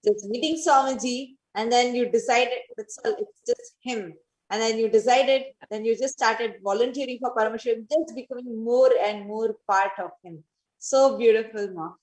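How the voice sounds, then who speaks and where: A woman's voice: on the high side, normal speed, a little mellow, low-quality recording. A woman co-hosting an interview, affectionate and admiring toward the guest.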